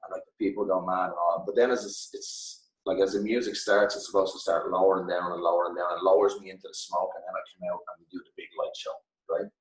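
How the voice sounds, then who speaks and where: An Irish man in his thirties, a guest telling a loose, lively anecdote in casual chat, swearing now and then. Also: low-pitched, fast talker, hardly any pauses. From Ireland. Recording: echoey room, mic at a distance.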